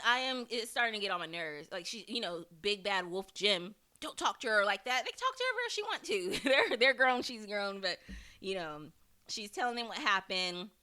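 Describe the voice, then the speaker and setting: Female podcast host, solo episode review: candid, profane, crisp bright tone. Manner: candid, profane, laughs often, mimics characters in high voices.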